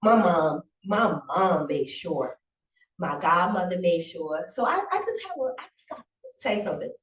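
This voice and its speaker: Woman, interview guest, animated storytelling, heartfelt, roomy echo, set back from the mic. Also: on the low side, normal speed. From South Carolina Lowcountry. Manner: animated, acts out quotes, emotional and grateful. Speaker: guest, private chef and business owner. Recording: echoey room, voice from a distance.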